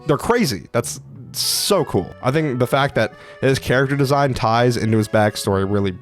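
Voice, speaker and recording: Profane, excitable young man ranking characters. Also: mid-range voice, fairly quick, faint music behind. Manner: profane, excitable, lots of "like" fillers. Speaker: anime video creator. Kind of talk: casual commentary ranking characters.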